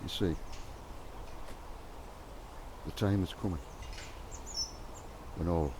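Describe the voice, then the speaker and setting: A man talks slowly into a handheld camera while out walking in the countryside. He speaks in a soft, musing way, and birdsong and rural noise are clearly audible behind his voice. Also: sits low, fairly even intonation. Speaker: vlogger. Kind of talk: outdoor walking vlog. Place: outdoors in the countryside.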